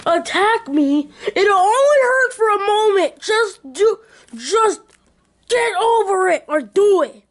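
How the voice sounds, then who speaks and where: A careless plumber hero brushes off every worry in a toy play, voiced by a woman. He speaks in a dismissive, offhand way and keeps his voice high. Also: lively intonation, slow, full character voice.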